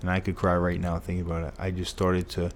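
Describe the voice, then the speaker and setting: A man's voice: low-pitched, completely flat delivery, quick pace, slight background noise. A man, a former pro football player, telling an interview story in an earnest, emotional way with lots of repetition.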